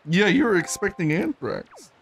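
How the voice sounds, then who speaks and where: A man's voice: high-pitched, wildly swooping pitch, normal speed, creaky, breathy edge. A man giving teasing, laughing advice to a friend playing a video game. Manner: coaching the player, teasing, laughing. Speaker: let's play co-host. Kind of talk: casual gaming commentary.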